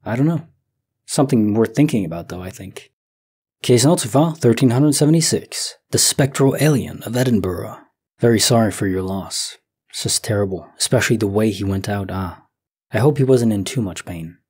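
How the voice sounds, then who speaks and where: A man in his thirties, a sleep story narrator, musing slowly and softly as he comments on listener stories. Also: lowish voice, animated, husky. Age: 30s. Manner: slow, soft, reflective, thinking aloud.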